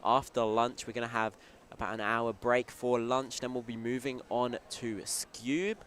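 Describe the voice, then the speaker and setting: A man doing live play-by-play commentary at a competition, quick and upbeat. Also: mid-range voice, steady tone, a bit bright, a little hiss or hum.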